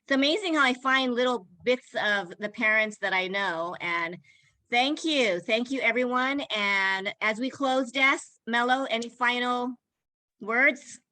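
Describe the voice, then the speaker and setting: Bright-voiced chatty woman host. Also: a little high, a little slow, rough recording. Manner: chatty, laughing, emotional asides. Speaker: summit host. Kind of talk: casual online video chat.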